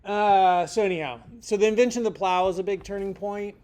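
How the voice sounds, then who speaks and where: Guy teaching a loose class, kinda high voice, jokey, says dude a lot. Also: fairly even intonation, fairly quick, darkish tone. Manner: rambling and jokey, slangy asides. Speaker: instructor. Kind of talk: casual lecture.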